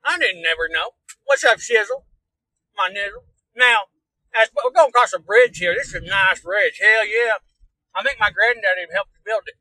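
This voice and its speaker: A man with a rural Kansas drawl rambles in a crude, mock-folksy hillbilly tour-guide act from behind the wheel. His voice sits high and sounds very bright and forceful. The recording is close and dry. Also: moderate pace, dry recording, poor audio. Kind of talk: comedic in-character live stream. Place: inside a car while driving.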